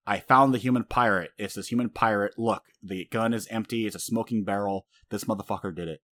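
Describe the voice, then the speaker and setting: A man's voice: lowish voice, a little fast, a bit bright, no echo, lightly acted. A man doing a hateful fishman pirate. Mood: accusing.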